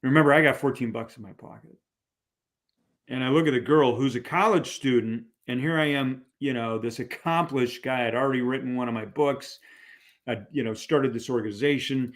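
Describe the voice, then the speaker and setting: A middle-aged man, a podcast guest, telling a personal story in a casual, animated way with many fillers and restarts. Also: mid-range voice, moderate pace. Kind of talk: conversational storytelling.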